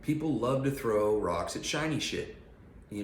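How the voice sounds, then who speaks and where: A man's voice: mid-range voice, lively intonation, unhurried, echoey room, slight background noise. A man giving a casual, blunt and profane motivational rant on his channel. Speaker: vlogger.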